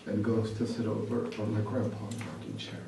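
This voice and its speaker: Man reading a tribute, low flat voice, calm, echoey hall, distant mic. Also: normal speed, vocal fry. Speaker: speaker at a memorial viewing. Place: memorial viewing hall. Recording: echoey hall, from far off, noisy.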